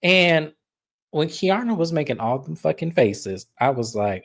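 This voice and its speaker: A woman's voice: low-pitched, animated, measured pace. A woman recapping a reality show in casual commentary, blunt and opinionated, swearing freely.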